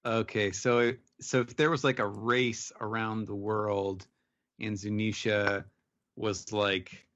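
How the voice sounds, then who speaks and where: A man's voice: fairly low pitch, level tone, slow, fairly bright tone, lo-fi sound. A man co-hosting a podcast, rambling casually with many likes and laughing at his own jokes.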